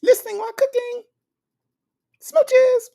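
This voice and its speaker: A man putting on the falsetto voice of a sweet woman greeting friends, sing-song and high. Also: steady tone, a little slow, vocal fry, dark tone, full character voice. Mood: sweet, cooing.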